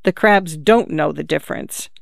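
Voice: mid-range voice, unhurried, no echo, studio quality, lightly acted. A reader doing a bored, curt teenage bait seller.

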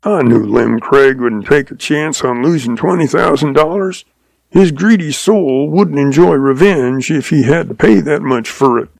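A man voicing a shrewd old cowboy who talks in a slow, patient, folksy drawl. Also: on the high side, creaky, a little mellow, dry recording. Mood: amused. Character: shrewd old cowboy, calm, sly, chuckling.

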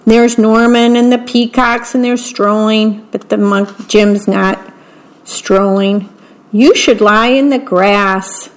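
Woman, slow unhurried reader, mid-pitched, children's picture books, describes pictures. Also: a little mellow, low-quality recording. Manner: slow, plain and patient, pointing out the pictures. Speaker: story reader.

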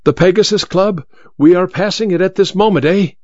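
A man's voice: high voice, a little fast, a little mellow, no echo, pitched above the performer's own voice, lightly acted. A man voicing a grand, sly blind male stage magician who talks in a theatrical, grandiose, teasing way, on a dull lo-fi recording.

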